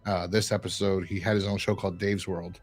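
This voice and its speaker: A man's voice: deep voice, level tone, fairly quick, faint music behind. A man hosting a review podcast, chatting casually and rambling with lots of fillers. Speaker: podcast host reviewing a horror episode. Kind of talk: casual chat.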